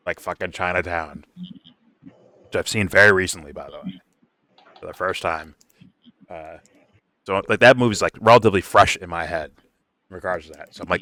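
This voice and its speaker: A man with a fairly low, sharp-toned voice hosts a reaction video, recorded dry. He talks casually and animatedly, swearing a lot and mockingly imitating other people in his profane reaction commentary.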